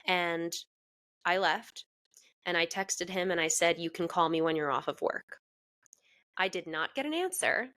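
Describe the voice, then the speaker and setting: A young adult woman co-hosting a podcast, telling a personal story in a frank, animated way, swearing freely and laughing as she goes. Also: fairly low pitch, unhurried, long pauses. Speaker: podcast co-host. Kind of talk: casual storytelling chat.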